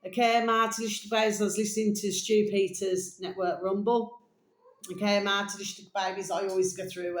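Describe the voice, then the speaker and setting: A woman vlogging in a rambling, casual monologue, full of fillers and slow dictation. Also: mid-range voice, little pitch movement. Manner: meandering, full of fillers, dictating text slowly; coos baby talk to her pet. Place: home room. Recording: echoey room.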